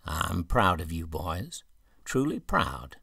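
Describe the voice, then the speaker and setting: A cruel ghost of a man, as a man reads him in a southern gothic audiobook. He drawls slowly and taunts. The voice is deep, husky and dry. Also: big pitch swings, bright, forceful tone, no echo, heavily acted. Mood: taunting. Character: menacing ghostly grown man, mocking and cruel.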